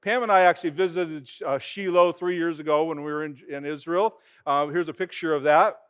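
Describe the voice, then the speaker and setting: Male pastor, fairly high voice, relaxed sermon, lively storytelling. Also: fairly quick, smooth. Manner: animated storytelling, retelling events in everyday talk. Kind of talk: conversational sermon.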